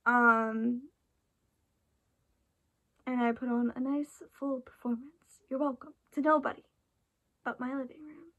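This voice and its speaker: A woman's voice: high voice, little pitch movement, a little slow, long pauses, fairly bright tone, dull audio. A woman chatting in a casual, rambling way, full of restarts and "like", sounding tired and emotional. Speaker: vlogger reacting to an album.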